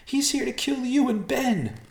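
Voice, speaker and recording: A man voicing a frightened young woman in a storybook, pushing his voice high and straining as she shouts, in a roomy space. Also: lively intonation, unhurried, creaky, exaggerated voice. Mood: desperate. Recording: roomy echo.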